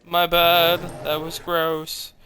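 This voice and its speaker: Speaking slowly into a desk mic while he streams gameplay, a man chats, swears without restraint, and answers back to the characters in the game. His voice is on the high side, monotone, bright, and forceful.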